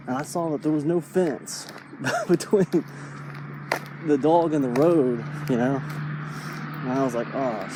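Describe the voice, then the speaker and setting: A man in his late thirties talking casually while walking outdoors, rambling and saying "man" a lot. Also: medium pitch. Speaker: vlogger. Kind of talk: casual walking vlog monologue. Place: outdoors on a neighborhood street. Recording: noisy outdoor street recording.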